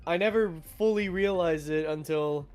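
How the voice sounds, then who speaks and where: A man's voice: fairly high pitch, normal speed, a little mellow, clean tone. A man chatting casually while playing a video game, telling rambling stories and laughing often. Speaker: gaming streamer co-host. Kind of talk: casual chat while gaming. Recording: faint game music behind.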